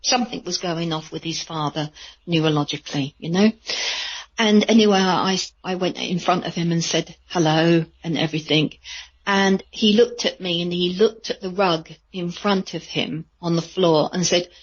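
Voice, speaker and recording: A woman, a psychic medium, telling chatty, rambling stories in a radio interview with a husky voice. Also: lowish voice, normal speed, muffled recording. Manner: chatty, rambling with many fillers.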